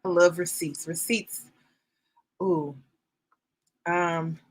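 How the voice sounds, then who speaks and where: A woman hosting a live reaction stream, chatting casually and giving shout-outs to her viewers. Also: on the low side, steady tone, extremely slow, breathy edge. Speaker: YouTube host reacting live.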